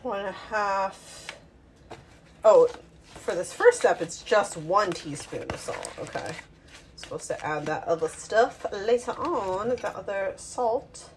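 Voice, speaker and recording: A woman's voice: mid-range voice, lively intonation, slow, a little hiss or hum. A woman talking to her phone while she cooks in her home kitchen, rambling and self-mocking as she thinks aloud. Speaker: home cooking vlogger. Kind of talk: casual talk while cooking.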